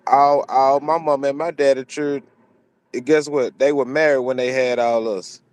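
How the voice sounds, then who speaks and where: Here a commentary channel host delivers opinionated commentary alone, preachy and repetitive, restating phrases for emphasis. His mid-range voice is smooth, slightly mellow and fairly even in intonation, at normal speed with no room sound.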